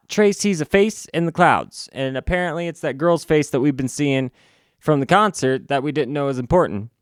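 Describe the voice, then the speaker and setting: A man reviewing a comic book in a casual recap, halting and restarting, with sarcastic asides. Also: a little high, dry recording, clean studio sound.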